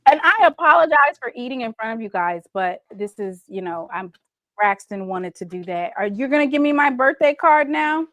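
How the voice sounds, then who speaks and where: A woman's voice: fairly high pitch, expressive, moderate pace, fairly bright tone, no echo. A woman, hosting a casual livestream chat and playfully reading viewer comments. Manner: chatty, playful, reads viewer comments aloud. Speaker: livestream host.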